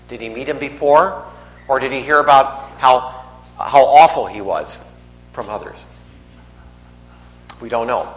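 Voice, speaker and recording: A man's voice: mid-range voice, fairly bright tone. A man preaching a sermon in a church, conversational, joking with the congregation. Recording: echoey hall, faint noise.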